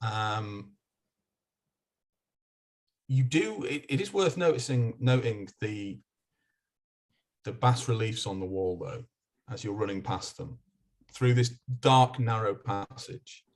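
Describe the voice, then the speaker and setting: A man narrating as game master of a tabletop game, halting and restarting as he describes the scene. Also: on the low side, lively intonation. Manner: halting, with many restarts and fillers while describing.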